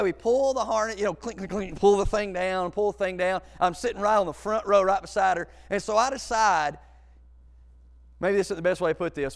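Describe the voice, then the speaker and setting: A man telling a comic story, animated, acting out other people and shouting at the big moments. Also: high-pitched, creaky, in a large hall. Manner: animated, acts out voices and shouts.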